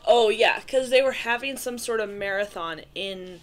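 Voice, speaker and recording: A woman's voice: mid-range voice, normal speed. A woman chatting casually on a podcast, telling anecdotes and laughing through them. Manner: giggly storyteller, laughs through her anecdotes. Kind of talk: casual chat.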